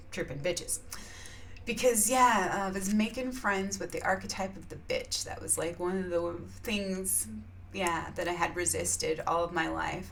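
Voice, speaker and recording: A woman's voice: on the low side, vocal fry, a bit bright, slight background noise. A woman chatting casually in a vlog, rambling with lots of fillers and frequent laughs. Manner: rambling, laughs often, many filler yeahs. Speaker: vlogger sharing spiritual reflections. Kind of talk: casual chat.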